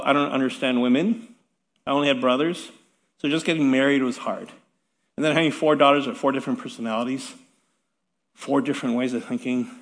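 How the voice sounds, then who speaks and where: A man's voice: mid-range voice, vocal fry, fairly bright tone. A middle-aged male pastor preaching a sermon in a chatty, self-deprecating way with light laughs. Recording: long hall reverb.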